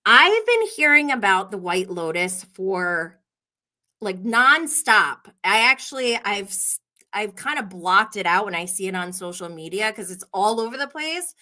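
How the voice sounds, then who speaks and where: A woman's voice: medium pitch, sing-song, measured pace, bright, forceful tone. A woman hosting a podcast livestream, chatting casually and gossiping, laughing often as she tells stories. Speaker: podcast host.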